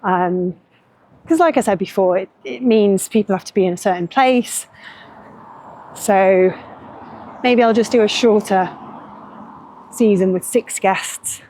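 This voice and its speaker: A woman's voice: mid-range voice, a little slow, pauses often, darkish tone, slight background noise. A middle-aged woman, a journalist chatting casually to camera in a vlog, self-deprecating and full of ums. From northern England. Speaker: journalist and vlogger.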